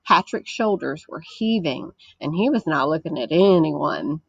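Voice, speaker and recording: A woman teacher reading a chapter book aloud to her class, gentle and explanatory, stopping to ask the children questions. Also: low voice, animated, measured pace, creaky, slightly rough, no room sound, muffled recording.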